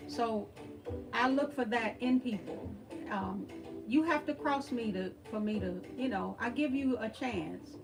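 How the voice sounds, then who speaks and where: Texas country woman hosting a live stream, bright high voice, chatty and folksy with the chat. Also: measured pace, gravelly, over music. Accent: Southeast Texas. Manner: warm, folksy, reads and answers the chat, calls people honey and girl.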